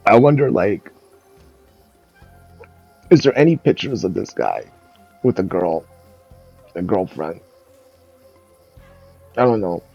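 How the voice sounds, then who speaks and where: Profane rambling young man, lively pitch. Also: slow pace, gravelly, long pauses, slightly rough, dull audio, soft background music. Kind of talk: casual rant.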